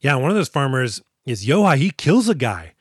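A man co-hosting a podcast, recapping a movie in profane, jokey, animated chat on a close mic. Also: mid-range voice, normal speed, husky, no echo. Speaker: podcast co-host.

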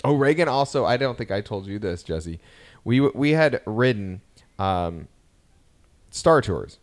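A podcast co-host in his thirties speaks in a lowish voice at a measured pace. He tells family stories in casual conversation, bringing them to life by performing what his kids said.

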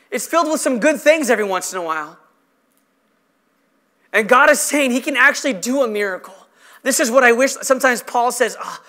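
A male pastor preaching a sermon with impassioned, emphatic delivery, stretching out key phrases slowly. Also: very high-pitched, sharp tone. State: emotional.

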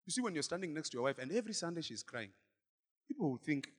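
A male pastor preaching a sermon in church, swinging from shouted exhortation to quiet asides. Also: on the high side, big pitch swings, fast, long reverb tail. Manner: dramatic, swings between shouting and murmuring asides.

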